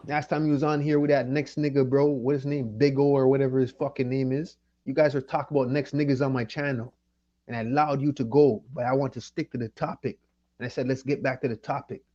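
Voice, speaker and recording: Mid-range and mellow, the voice is delivered flatly by a fast talker on lo-fi sound. He's a channel host from Jamaica, buzzed from liquor and weed, throwing out an irritated, profanity-laced livestream rant full of repetition.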